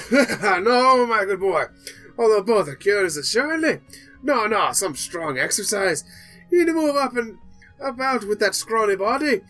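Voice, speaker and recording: A man's voice: animated, a little slow, bright, forceful tone, faint music behind, heavily acted. A man voicing a jovial, boisterous old barkeep with a put-on accent, reading game dialogue aloud. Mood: hearty. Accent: put-on British Isles accent. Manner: booming, theatrical.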